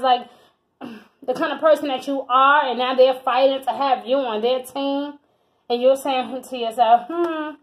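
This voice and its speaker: A woman with a high voice reads tarot cards in a loose, casual monologue. She is animated and chatty, swears freely and calls the listener honey and baby. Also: rough recording. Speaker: tarot reader.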